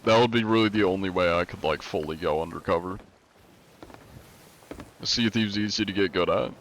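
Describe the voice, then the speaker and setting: A young adult man livestreaming, chatting casually with his viewers in a relaxed, rambling way with many fillers. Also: sits low, normal speed, slight background noise. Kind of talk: casual chat with stream viewers.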